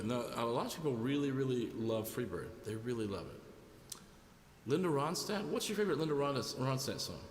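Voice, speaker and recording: A man's voice: mid-range voice, a little hiss or hum. A man hosting a live music stream, chatting casually and jokingly with viewers between songs and greeting them by name. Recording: roomy sound with long reverb. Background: guitar music.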